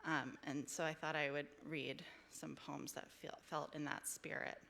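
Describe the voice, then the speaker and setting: At a public library event room, a woman poet gives a live reading in a deep, creaky voice with a sharp tone, little pitch movement and a measured pace. Between poems she chats hesitantly, effusive and self-deprecating.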